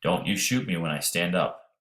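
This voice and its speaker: A wary young Union soldier, read by a man answers in clipped, guarded lines. The deep storybook voice rises slightly when he calls out. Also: moderate pace, fairly bright tone, reverberant. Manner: terse, guarded.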